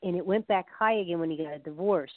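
A woman's voice: lowish voice, fast, no echo. Woman guest expert, chatty explainer, dry and phone-thin audio. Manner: chatty, laughs often, tells anecdotes with quoted voices. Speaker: guest expert on the science of love. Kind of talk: casual explanatory interview talk. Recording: phone-like narrow sound.

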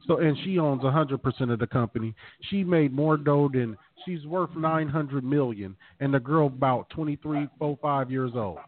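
A man co-hosting a podcast, chatting casually and reading numbers off a ranking with animated emphasis. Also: medium pitch, moderate pace, few pauses. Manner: animated, reads out figures from a list. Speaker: podcast co-host. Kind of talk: casual profane banter. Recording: dry, tinny phone-like sound.

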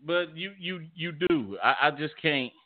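A man's voice: a little high, animated, unhurried. Laughing, stammering man on tinny audio. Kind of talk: casual chat.

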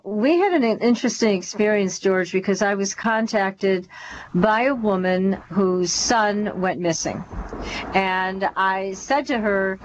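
A woman hosting an interview, gently prompting her guest with questions and short affirmations. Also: mid-range voice. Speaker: host. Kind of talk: casual interview. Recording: dull lo-fi with faint noise.

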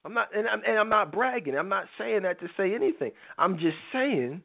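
A man with a high voice hosts a live talk show and delivers an emphatic, preachy monologue. He stresses his points and jumps into quick impressions of other people. The sound is thin and boxy, like a phone line. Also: expressive, gravelly. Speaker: show host. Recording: tinny phone-like audio.

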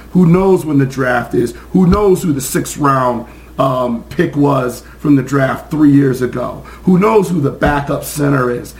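A man hosting a sports podcast, hoarse from screaming, ranting in a fired-up, profane way with many fillers. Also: mid-range voice, echoey room, a little hiss or hum, low-quality recording. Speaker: podcast host.

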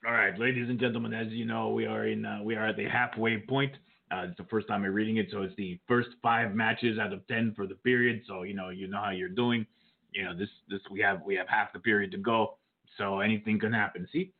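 A man's voice: lowish voice, fairly even intonation, a little fast, creaky. A man co-hosting a casual show, reading out rankings with flirty, joking asides. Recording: tinny phone-like line.

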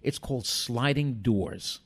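An older man, a guest telling animated stories from his past and acting out other people's lines. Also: mid-range voice, slow. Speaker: interview guest. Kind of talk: storytelling in a podcast interview.

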